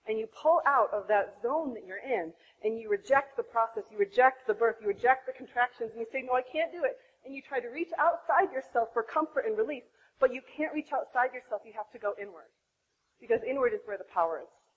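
A woman in her thirties sharing her own birth story to other women, animated, acting out her past self. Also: fairly quick, highs cut off, a little hiss or hum. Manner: animated, acts out her own past voice with big pitch jumps. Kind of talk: impassioned personal testimony.

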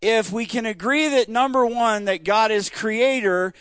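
A man's voice: high-pitched, measured pace, fairly bright tone, smooth, dry recording. A man teaching an interactive church Bible study, asking the group questions in a conversational, emphatic way.

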